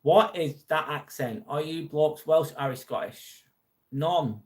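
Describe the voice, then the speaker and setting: A man's voice: on the high side, takes it slowly. A man from England with a Lancashire accent, hosting a live stream in casual chat, reading viewer comments aloud and answering earnestly with the odd swear. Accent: Lancashire English. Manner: earnest, supportive, swears now and then.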